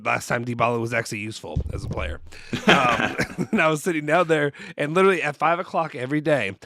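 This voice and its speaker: Rambling man with a gravelly voice. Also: mid-range voice, fairly bright tone, no echo, clean studio sound. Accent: Kentucky. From Louisville, Kentucky. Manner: rambling, many fillers and restarts, goes off on tangents. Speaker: podcast co-host. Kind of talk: casual football chat. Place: home basement studio.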